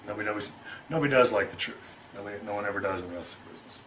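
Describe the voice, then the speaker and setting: A middle-aged man, a guest in an interview, tells a story in a loose, profane way, chuckling and acting out both sides of an argument. His fairly low voice races and is a bit bright. The low-quality recording has slight background noise.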